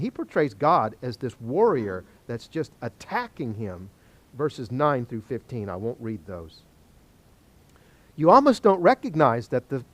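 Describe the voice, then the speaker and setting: A man teaching a Bible study, animated and joking, asking the class questions. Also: mid-range voice, no echo.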